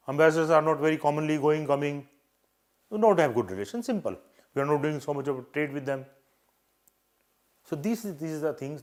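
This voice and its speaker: A man's voice: on the high side, a little mellow. An older man with an Indian English accent, giving earnest, repetitive advice as an interview coach and acting out short exchanges. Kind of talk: live advice session.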